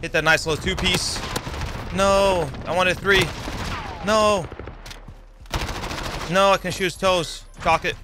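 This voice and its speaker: A young man giving excitable live commentary over his own gameplay, yelping and swearing as the fights heat up. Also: sits high, slow pace, pauses often, background noise. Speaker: gaming YouTuber. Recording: game gunfire loud under the voice.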